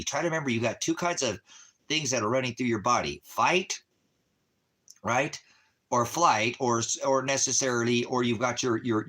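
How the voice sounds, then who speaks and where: A man's voice: medium pitch, sharp tone. A man ranting to his viewers in a rambling, profane, heated way, often restarting his sentences. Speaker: livestreamer addressing viewers. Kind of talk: casual profane rant.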